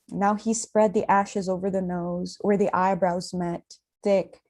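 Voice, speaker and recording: A woman reads a literary story aloud in a calm, measured voice. Her tone is dark and mellow rather than bright, and she lets each image settle. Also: fairly low pitch. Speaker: reader. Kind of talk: literary reading.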